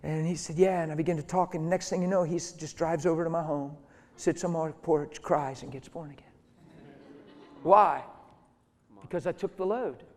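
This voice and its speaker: A middle-aged man preaching through a personal story, animated and emphatic, acting out the voices of the people in it. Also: on the high side, fairly quick. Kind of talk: storytelling sermon. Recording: long hall reverb.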